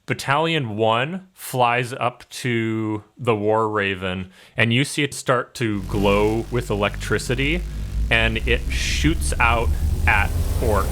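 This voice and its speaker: A young man narrating as game master, describing scenes in a relaxed way with many fillers. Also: on the low side, noisy background.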